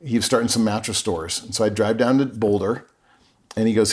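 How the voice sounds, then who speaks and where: A man's voice: on the low side, steady tone, fairly quick. Earnest middle-aged man telling his story. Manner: earnest and openly emotional, with frequent restarts. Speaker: podcast guest. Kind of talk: conversational personal storytelling.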